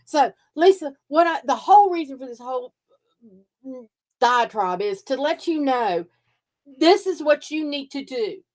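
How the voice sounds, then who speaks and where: An older woman with a high voice speaks unhurriedly. As a psychic reader and host, she shares stories in relaxed chat, bringing them to life by acting out quoted voices.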